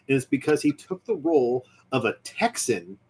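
A man's voice: medium pitch, sing-song, moderate pace, gravelly, darkish tone. A man hosting a podcast in casual chat, speaking in an opinionated, ranting way. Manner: opinionated, ranting about nerd movies and shows. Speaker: podcast host.

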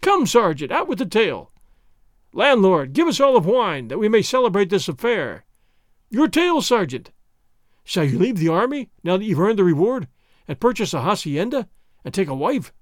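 A man voicing a mild, teasing young nobleman who speaks in a lively, mannered way. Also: sits high, normal speed, dry recording, studio quality. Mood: needling, mock-innocent.

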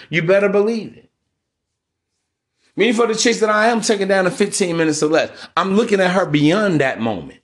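A man's voice: high voice, lively intonation, normal speed. Preachy man talking slang. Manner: preachy, street slang, repeats "man" and "bro". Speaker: podcast host. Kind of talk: casual monologue.

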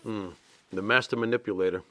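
An interviewer gently consoling the guest in a low, quiet voice. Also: fairly even intonation, fairly quick.

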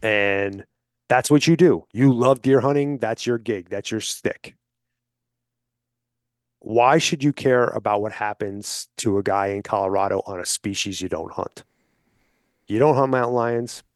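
A man speaking as a podcast guest, persuasive and explanatory, often checking in with listeners with a quick "okay?". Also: lowish voice, no room sound, studio quality. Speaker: hunting advocate guest. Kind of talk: casual podcast conversation.

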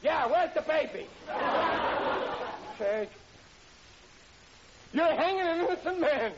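Bumbling family man; high, swooping, excitable voice, dull vintage radio sound with hiss. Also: fairly quick, a loud crowd. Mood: panicky. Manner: blustering, ungrammatical, excitable. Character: bumbling working-class husband and father. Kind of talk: 1940s radio acting. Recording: dull hissy old radio broadcast.

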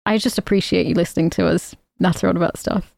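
A woman's voice: on the low side, steady tone, fast talker, vocal fry, darkish tone, no room sound. Giggly woman, dry close mic. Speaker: podcast co-host. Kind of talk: casual chat.

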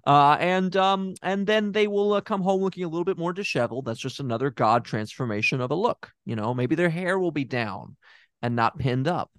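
A man's voice: on the high side, expressive, a little fast, no echo. A man playing a bumbling fake therapist in an improvised scene, hesitant and stammering while confidently explaining nonsense. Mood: deadpan.

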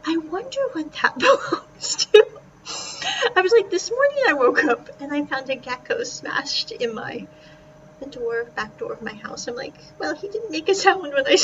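Chatty woman, distant noisy recording. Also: sits high. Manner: chatty and animated, laughs often, dips into whispers. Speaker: podcast host. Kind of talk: casual storytelling monologue. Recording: distant mic, dull sound, steady background noise.

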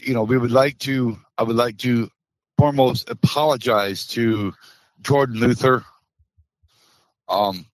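A man on the edge of crying speaks haltingly and keeps restarting his sentences. His voice sits in a middle range and is recorded dry and close. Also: medium pitch, no echo, rough recording. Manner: halting, apologetic, many restarts. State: close to tears. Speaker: interview guest, former truck driver. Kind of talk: emotional interview.

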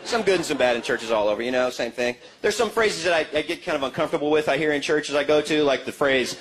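A middle-aged man performing a stand-up comedy set before a laughing crowd, animated and quick to slip into high mocking voices. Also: background noise.

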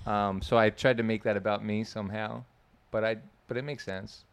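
A man's voice: lowish voice, steady tone, moderate pace, vocal fry, clear, resonant tone. A man as a podcast guest in casual chat, joking and mocking himself.

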